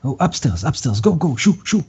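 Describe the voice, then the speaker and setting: A man's voice: mid-range voice, normal speed, warm tone, breathy edge, lightly acted. A man putting on a fussy innkeeper. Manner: fussy, ends lines with a coaxing "yes?". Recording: muffled lo-fi recording.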